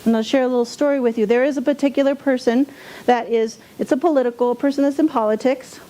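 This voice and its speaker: A woman's voice: high voice, steady tone, fast, mellow, a little hiss or hum. Candid woman giving a sermon. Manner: candid, self-deprecating storytelling with mocking quoted outbursts. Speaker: spiritual speaker.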